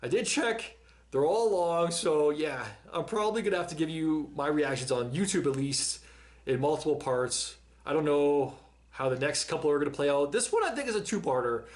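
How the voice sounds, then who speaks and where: Male reaction host, slightly high voice, loose talky delivery, restarts his phrases a lot. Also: expressive, moderate pace. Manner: chatty, repeats and restarts words. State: out of breath. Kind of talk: casual reaction commentary.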